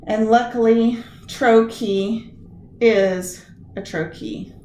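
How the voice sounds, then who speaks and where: A woman teacher walks her class through poetic meter at a slow, patient pace, repeating words to show where the stress lands. Her voice rings in an echoey room with a faint hum behind it. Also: mid-range voice. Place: room with a whiteboard.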